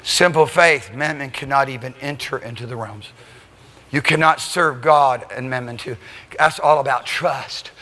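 A man preaching a church sermon, telling a story and building to shouted climaxes. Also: mid-range voice, moderate pace. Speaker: pastor. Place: church sanctuary. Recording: church hall reverb.

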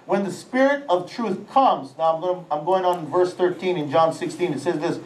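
High-voiced man preaching in an echoey hall. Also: moderate pace, hardly any pauses, recorded from a distance, slight background noise. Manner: lively, animated, with sound-effect words. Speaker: senior pastor. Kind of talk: live sermon. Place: large auditorium during a church service. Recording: echoey hall, voice away from the mic, faint ambience.

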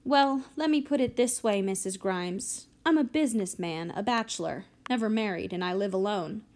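A woman's voice: medium pitch, normal speed, darkish tone, close to an everyday voice. A woman reading an audiobook, voicing a polite, persuasive bachelor businessman ready to retire. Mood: earnest. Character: polite middle-aged male businessman, eager to buy.

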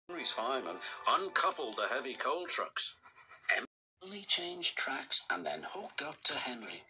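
A man narrating a children's storybook in an expressive read-aloud style. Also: mid-range voice, a little slow, rough recording. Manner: lively, expressive reading. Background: background music.

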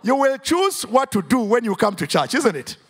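A man's voice: very high voice, big pitch swings, normal speed, fairly bright tone, slightly rough. A man with a Ugandan English accent preaching a sermon in church, drawing call-and-response from the congregation and rising into sing-song emphasis. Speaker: pastor.

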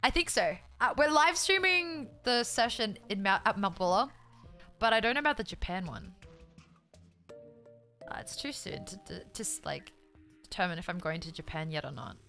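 Live-streaming to her viewers, a young Australian woman reads chat aloud and talks casually, loud and swearing freely. She sounds exasperated and laughs a lot, her mid-range voice very animated at a normal pace over soft background music.

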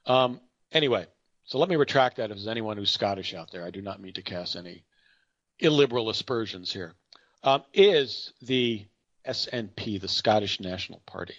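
A man's voice: fairly low pitch, lively intonation, normal speed, no echo. Guy rambling thru market commentary, lots of asides n self-corrections, dry dull recording. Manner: chatty anecdotal storyteller. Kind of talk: unscripted market commentary monologue.

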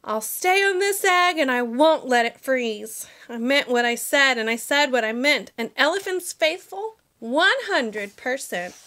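A woman voicing a gentle, faithful male elephant who speaks earnestly in a storybook reading. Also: sits high, expressive, unhurried, few pauses, exaggerated voice. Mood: steadfast.

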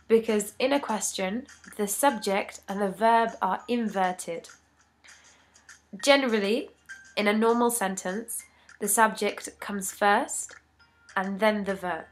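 An English teacher reads a grammar lesson aloud at a slow, unhurried pace, her mid-pitched voice giving each rule and example measured, deliberate care. Soft music plays in the background.

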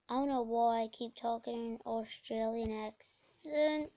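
High, gravelly woman narrating gameplay. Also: a little slow, few pauses, no room sound. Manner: rambling, with sudden excited exclamations. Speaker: let's play gamer. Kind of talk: casual gameplay commentary.

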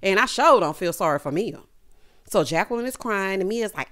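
A woman giving a casual, sassy recap of a reality show, with animated asides to the viewer. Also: mid-range voice, a little fast.

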